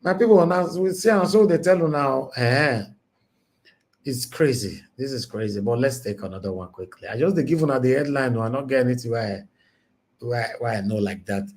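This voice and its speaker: A man with a Nigerian accent hosting a casual news reaction stream, animated and mixing Pidgin with English, often asking "Eh?". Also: medium pitch, normal speed. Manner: animated, switches between Pidgin and English, exclaims "Eh?". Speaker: news commentary host.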